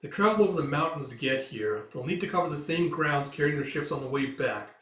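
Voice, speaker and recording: Man reading as a plotting greedy lord, calm musing tone, echoey far-off sound. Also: fairly high pitch, a little fast. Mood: scheming. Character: scheming greedy male noble, self-satisfied. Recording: roomy, distant mic.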